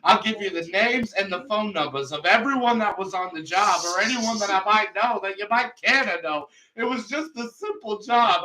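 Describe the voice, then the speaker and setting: A man's voice: bright, forceful tone, roomy sound, far from the mic. A man voicing a panicked male criminal who begs and offers every name to avoid jail. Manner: desperate, begging, higher-pitched.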